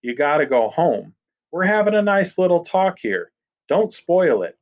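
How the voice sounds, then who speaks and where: A man's voice: medium pitch, expressive, a little slow, close to an everyday voice. A man voicing a burly, menacing biker gang boss who taunts and threatens. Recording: dull lo-fi recording.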